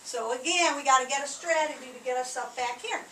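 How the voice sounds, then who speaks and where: A woman teacher giving a lively lesson to young children, acting out feelings for the class. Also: high-pitched, brisk, a little hiss or hum. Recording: echoey room recorded from a distance.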